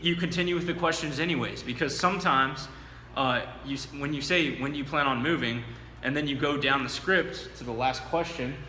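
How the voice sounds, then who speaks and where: A man's voice: mid-range voice, sharp tone. A man working as a real estate agent, explaining a door knocking script in a casual teaching talk and acting it out with enthusiasm. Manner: casual, explaining with fillers, bursts of enthusiasm in demo. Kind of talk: instructional talk with role-play demo. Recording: echoey room with long reverb, faint background hum.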